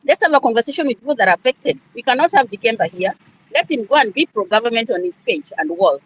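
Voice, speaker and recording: A woman arguing forcefully and emotionally in an online discussion, repeating her questions. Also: a little high, expressive, quick pace, slightly rough. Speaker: participant in an online audio discussion. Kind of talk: impassioned debate.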